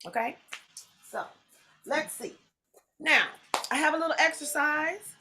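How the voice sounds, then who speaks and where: Woman host, bright and slightly high voice, playful and chatty, heard over a video call. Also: measured pace, a little hiss or hum. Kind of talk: casual video call chat.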